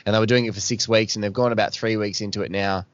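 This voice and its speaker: A man's voice: fairly low pitch, steady tone, quick pace, no echo. Australian male podcast host, frustrated and sweary, recorded dry and a bit dull. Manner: exasperated ranting with swearing. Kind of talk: casual podcast chat.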